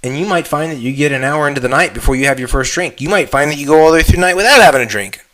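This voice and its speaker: A man coaching through an online fitness lesson, his voice bright and forward. He talks directly to the listener, checks in with a quick "okay?", and leaps up in pitch when he drives a point home. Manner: animated, voice jumps up on emphatic questions.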